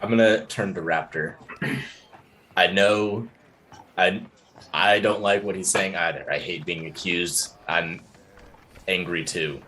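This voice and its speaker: A man playing his character in a tabletop game, calm and measured. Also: sits low, a little hiss or hum, rough recording. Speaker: player.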